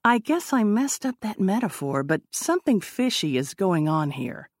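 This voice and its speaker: A woman voicing an eccentric, excitable young male intern who rambles conspiratorially in an audiobook. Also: mid-range voice, moderate pace, no room sound, clean studio sound.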